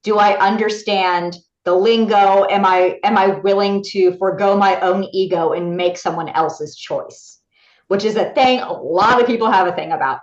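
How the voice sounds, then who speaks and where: A woman voice actor, a guest on an interview show, telling a story in a lively way and acting out other people's lines in bright voices. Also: mid-range voice, moderate pace. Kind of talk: animated anecdote telling. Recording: roomy, slightly dull recording.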